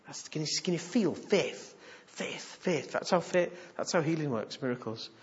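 A man preaching a sermon, animated and humorous, moving from hushed asides to loud exhortation. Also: on the high side, moderate pace, muffled recording.

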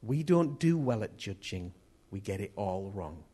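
A man's voice: fairly low pitch, sing-song, unhurried, dark tone, slightly rough. A man preaching a sermon in an earnest manner, often repeating key phrases.

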